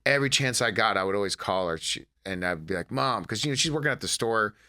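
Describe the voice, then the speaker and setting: A low-voiced man in his thirties with a bright, forceful edge. He is a comedian from Detroit telling animated stories from his family life in a casual interview. He acts out the people in his stories. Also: fast, smooth. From United States, Detroit. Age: 30s. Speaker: comedian and actor, podcast guest.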